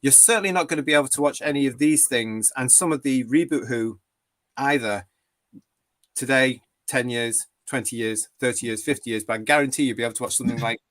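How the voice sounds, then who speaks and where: A man's voice: mid-range voice, fairly quick, fairly bright tone. A man in his fifties from the UK, hosting a live fan panel and reading out viewer comments in a chatty way. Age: 50s. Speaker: host.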